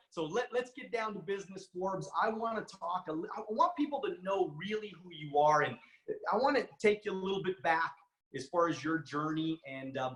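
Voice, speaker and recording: A man's voice: fairly high pitch, fairly bright tone. A man hosting an interview who sounds eager and admiring and often stumbles over his words. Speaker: podcast host. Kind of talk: interview chat. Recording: echoey room.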